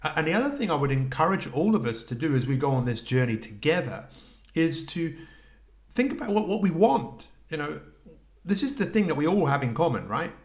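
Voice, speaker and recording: A man's voice: fairly high pitch, sing-song, brisk. A middle-aged man hosting a solo coaching podcast, talking reflectively, asking the listener questions and restarting his sentences.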